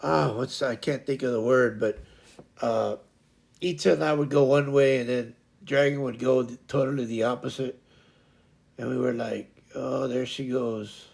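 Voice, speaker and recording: Speaking at normal speed in a steady, medium-pitched voice with vocal fry and a darkish tone, a man hosts his stream and shares a funny story. He wanders as he tells it, leaning on fillers, groping for words, and chuckling throughout.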